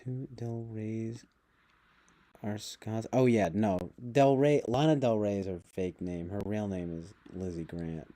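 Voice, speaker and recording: This man's voice has a dark tone and a slightly slow pace. Streaming live, he reads out news stories and mocks them sarcastically in a casual way, jumping into high-pitched mocking voices.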